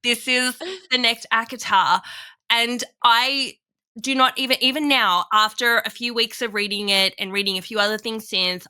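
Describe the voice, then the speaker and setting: Australian woman, co-host, enthusiastic, very bright tone, casual chat. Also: fairly high pitch, clean tone. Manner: enthusiastic, gushing. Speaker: podcast co-host.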